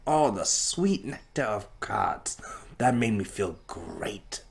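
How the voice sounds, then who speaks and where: A man's voice: lowish voice, animated, takes it slowly, gravelly, husky. A man hosting a casual solo podcast, rambling in a profane, laid-back way. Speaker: podcast host.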